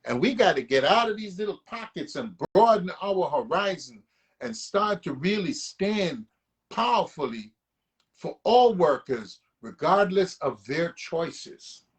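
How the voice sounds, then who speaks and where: A man's voice: high voice, very animated, measured pace, breathy edge. A man who leads a union local, speaking emphatically as a guest and often checking in with a "right?". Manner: emphatic, rallying, checks in with listener. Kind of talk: casual conversation.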